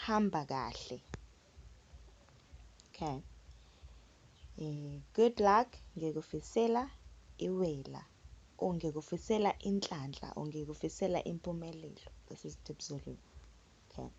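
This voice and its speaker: Woman, language teacher, low pitch, gravelly, repeats phrases. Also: darkish tone. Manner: slow, patient, repeats phrases for learners. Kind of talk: relaxed spoken language lesson. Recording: dull lo-fi recording.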